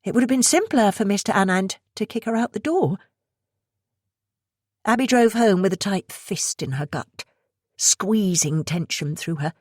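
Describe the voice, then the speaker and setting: A woman narrating a thriller audiobook in a steady, measured way. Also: medium pitch, no room sound, studio quality.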